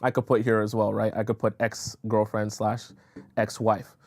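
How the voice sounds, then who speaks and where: A man's voice: fairly low pitch, monotone, moderate pace. Chatty man giving frank dating advice. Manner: chatty, reads and answers viewer comments aloud; frank, repeats phrases and fills with "uh" and "right?". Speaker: dating coach. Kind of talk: casual live-stream advice talk.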